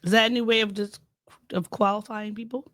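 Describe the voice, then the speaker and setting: A woman's voice: medium pitch, fairly even intonation, fairly quick, fairly bright tone, no room sound. A woman co-hosting a podcast in casual chat, asking curious questions and laughing easily. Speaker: podcast co-host.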